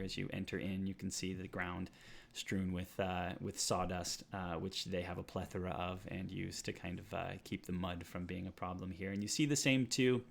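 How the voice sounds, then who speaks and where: A man narrating a tabletop game as game master, halting with many filler sounds. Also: low-pitched, creaky, a bit bright.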